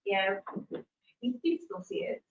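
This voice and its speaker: A woman hosting a live chat with a guest, chatty and quick to agree. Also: roomy sound, distant mic, lo-fi sound. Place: shop tasting room.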